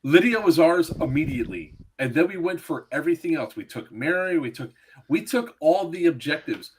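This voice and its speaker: A man's voice: fairly high pitch, expressive, normal speed, slight background noise, rough recording. A man hosting a podcast, bantering and teasing his guests in a casual, boastful way. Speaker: podcast host. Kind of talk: casual chat.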